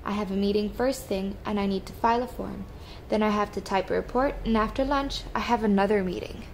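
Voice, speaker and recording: Rushed busy dad in a storybook, read by a lady, rattling off his day. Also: medium pitch, slight background noise, natural voice, poor audio. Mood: hurried. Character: busy rushed father, grown man.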